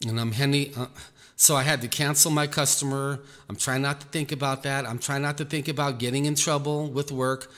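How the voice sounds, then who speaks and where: A man, a Christian minister, telling a personal testimony in an earnest, halting way, repeating words as he goes. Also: mid-range voice, steady tone, fairly bright tone. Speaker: Christian minister recounting an experience. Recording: echoey room, faint music behind.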